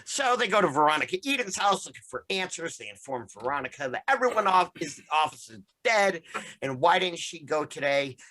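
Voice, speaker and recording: Bright-voiced man recapping comics. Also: a little high, big pitch swings, a little fast. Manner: rambling, profane, summarizing comics with laughs. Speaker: podcast host. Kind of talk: casual comic book discussion.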